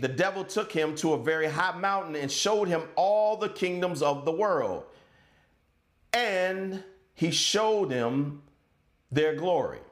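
A male pastor preaches with fervor, and his voice sits high for a man. He climbs to ringing shouts and then drops low and quiet. The sound carries the echo of a church room. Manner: impassioned preaching, rising to shouts and dropping low. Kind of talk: sermon.

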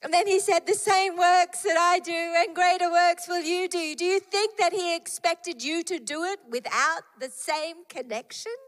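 High-voiced woman preaching in a reverberant hall. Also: steady tone, moderate pace, few pauses, fairly bright tone. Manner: emphatic, repeats key phrases, reads scripture aloud. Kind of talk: sermon.

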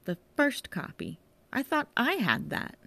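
A woman's voice: a little high, wildly swooping pitch, a little slow, creaky, a bit bright, no room sound, voice pushed up, full character voice. Woman doing a talkative music-mad male constable, storybook reading, eager, raised voice, dry close sound. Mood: amazed. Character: chatty music-loving male police constable.

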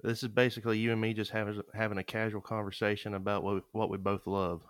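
A man hosting a podcast, laid-back and calm in casual conversation. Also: lowish voice, fast talker, no room sound. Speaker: podcast host.

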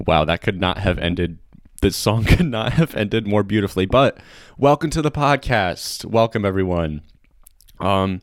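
Young guy hosting a goofy podcast, low voice, super chatty, dry sound w faint music. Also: a little slow, no echo. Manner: chatty and excitable, laughs often, fillers. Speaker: podcast host. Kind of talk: casual comedic podcast chat.

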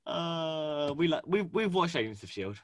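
A man co-hosting a casual fan chat, animated and gushing, with lots of fillers and restarts. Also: fairly high pitch, unhurried, no room sound. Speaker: podcast co-host. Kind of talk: casual fan chat about a cartoon series.

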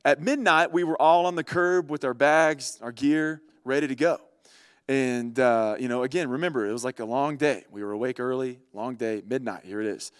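A man telling a story in a casual, animated way, talking straight to his listeners. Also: mid-range voice, normal speed, smooth, no room sound, clean studio sound. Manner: animated, chatty, addresses listeners directly. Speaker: vlogger.

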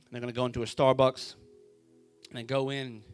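A man preaching a sermon, telling a story with drama and swinging from a hushed voice to a shout. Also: medium pitch, little pitch movement, fairly quick, clean tone, faint music behind. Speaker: pastor.

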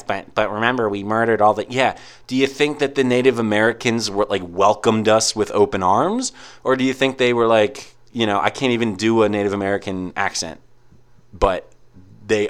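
A man's voice: fairly low pitch, a bit bright. A young man in a casual ranting monologue, rambling with lots of "like" and frequent swearing. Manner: rambling, heavy use of "like", profane.

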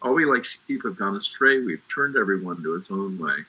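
A man's voice: deep voice, lively intonation, a little fast, pushed and bright, slightly rough, poor audio. A middle-aged man talking about faith in an emphatic, preacherly way, often restarting his sentences. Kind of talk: faith discussion.

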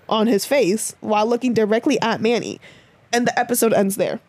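Brisk and somewhat high-voiced, a young woman co-hosting a podcast gives an animated, casual recap of a TV episode. She swears a lot and leans on fillers and "this, that, and the fourth."

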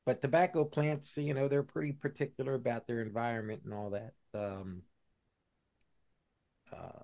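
Male podcast co-host, casual explainer, halting with fillers. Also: mid-range voice, steady tone, gravelly, a little mellow. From Buffalo, New York. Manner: explanatory, many fillers and restarts. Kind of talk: casual chat.

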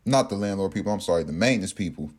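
A man casually telling a personal story in an animated, profane way, acting out what others said. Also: low-pitched, very fast, husky. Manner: animated, profane, acts out quotes.

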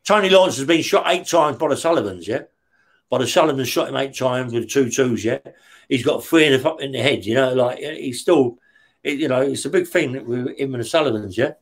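A man's voice: fairly high pitch, fairly quick. A man from West London with a London accent, a guest in an interview, telling his story in casual talk, swearing often and checking in with "yeah?". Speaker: interview guest, former prisoner.

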